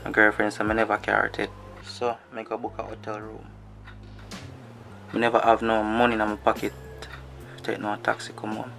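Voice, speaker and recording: A man's voice: on the low side, completely flat delivery, brisk, gravelly, pauses often, fairly bright tone, soft background music. A man with a Jamaican accent, acting in a drama as a young man coaxing in patois. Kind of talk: low-budget drama acting.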